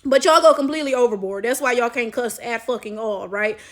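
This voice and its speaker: High-voiced woman telling a story animatedly. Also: a little fast. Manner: animated, emphatic, swears freely, keeps asking "right?". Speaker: chess coach and vlogger. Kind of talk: casual storytelling to the camera.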